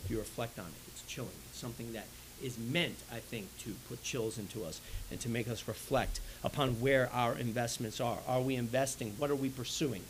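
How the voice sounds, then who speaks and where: A man preaching a sermon in an animated way, swinging between loud and soft, often checking in with "right?". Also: mid-range voice, fairly quick, hardly any pauses, slight background noise, low-quality recording. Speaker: pastor.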